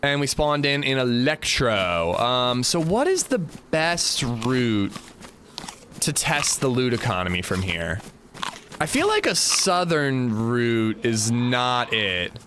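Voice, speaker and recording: A game streamer in his thirties chats casually during a livestream, greeting viewers by name and joking between gameplay remarks. His medium-pitched voice is sing-song and fairly bright, and he takes it slowly over slight background noise.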